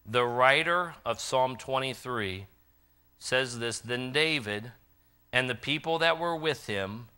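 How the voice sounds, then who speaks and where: A man preaching a sermon in a church, swinging from loud impassioned calls to quiet, earnest appeals. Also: medium pitch, slow, clean tone. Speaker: pastor. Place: church sanctuary.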